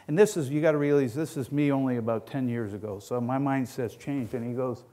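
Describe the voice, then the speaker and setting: A middle-aged man speaks at a conference in a folksy, storytelling way, often restarting and repeating his words. His voice sits in an ordinary middle pitch for a man. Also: normal speed, warm tone. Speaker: dairy farm owner giving a talk. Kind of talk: conference presentation.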